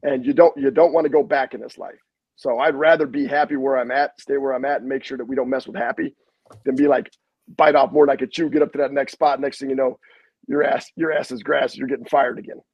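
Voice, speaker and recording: A middle-aged head basketball coach with a husky, medium-pitched voice tells coaching stories fast as a guest in a casual interview, animated, acting out the quotes and using salty language. The recording is dry, close and muffled, with no room sound.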